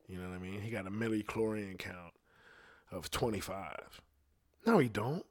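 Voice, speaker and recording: Guy rambling on and on, cussing a lot, chill and low-key, kinda deep. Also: fairly even intonation, moderate pace. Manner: profane, meandering, laid-back storytelling. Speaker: singer talking on a podcast. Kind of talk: casual rambling monologue.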